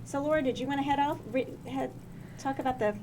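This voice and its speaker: East Texas woman hosting, higher voice. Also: quick pace, background noise. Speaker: co-host. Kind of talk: casual podcast introduction.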